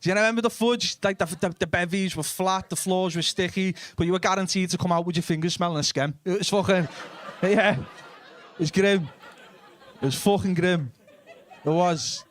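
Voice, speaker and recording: A man's voice: high voice, moderate pace, a little hiss or hum. A young man with a Liverpool accent doing live stand-up, blunt and sweary, chatting with the audience. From Liverpool, England. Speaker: stand-up comedian. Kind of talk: live stand-up comedy with crowd work.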